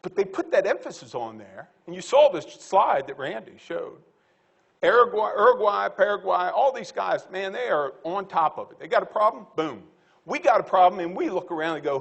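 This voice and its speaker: A man speaking as a panelist at a livestock conference, blunt and folksy, animated, with quick quips. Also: high voice, creaky, breathy edge.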